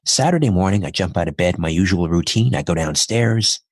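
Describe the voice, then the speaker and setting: A middle-aged man with a very low, husky voice recounts a personal story in conversation. He talks in an earnest, reflective way, walking through events step by step. The recording is dry and close. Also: lively intonation, a little fast, no room sound. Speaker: podcast guest.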